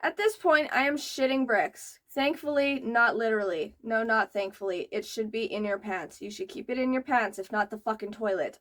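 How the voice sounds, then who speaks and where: A young woman hosting a reaction video, reading posts aloud and breaking in with loud, exasperated outbursts. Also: fairly high pitch, moderate pace, hardly any pauses.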